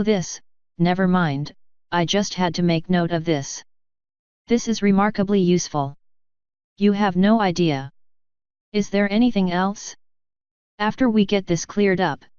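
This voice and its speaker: A woman's voice: fairly low pitch, measured pace, long pauses, a little mellow, clean tone, no room sound, natural voice. A woman voicing a curious, courteous griffin king with an eager manner, in a dull lo-fi recording.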